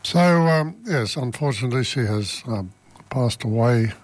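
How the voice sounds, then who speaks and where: A man's voice: medium pitch, animated, unhurried, no echo. A man hosting community radio in casual chat, rambling and self-deprecating, stumbling over his words. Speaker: radio host.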